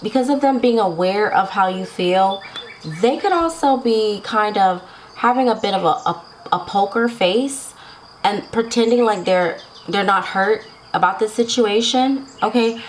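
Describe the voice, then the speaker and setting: This tarot reader speaks at a measured pace in a medium pitch, giving her viewers a relaxed reading. She chats, laughs a lot, and checks in with "right?" and "okay?" over low-quality audio with slight background noise.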